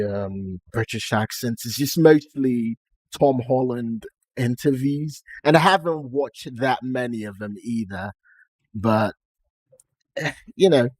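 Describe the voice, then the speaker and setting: A medium-pitched, slightly mellow voice belongs to a young Nigerian man chatting casually on a live stream. He puts on a generic American-Canadian accent and laughs at himself between remarks. There is no room sound.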